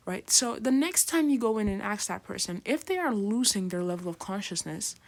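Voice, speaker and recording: Woman, casual lecturer, mid-pitched, chatty and loose, lots of fillers and quick acted asides. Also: lively intonation. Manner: chatty, filler-heavy, keeps asking "right?"; acts out patients in slangy voices. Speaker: nursing lecturer.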